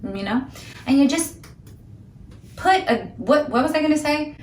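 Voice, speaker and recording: A woman's voice: high-pitched, animated, unhurried, distant mic, slight background noise. A woman talking straight to the camera about her sobriety, emphatic and ranting, addressing viewers as "guys" and "honey". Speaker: sobriety vlogger. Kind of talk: direct-to-camera motivational talk. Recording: echoey room, voice a bit off-mic.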